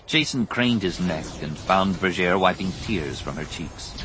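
A man narrating an audiobook with measured, dramatic storytelling. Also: deep voice, animated, fairly bright tone, slight background noise, poor audio. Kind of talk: scripted narration. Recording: narration over a music score. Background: music.

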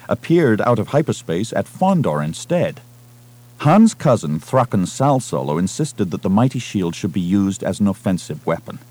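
A man narrating a science-fiction novel as an audiobook reader, with a measured, dramatic delivery. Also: on the low side, warm tone. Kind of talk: scripted narration.

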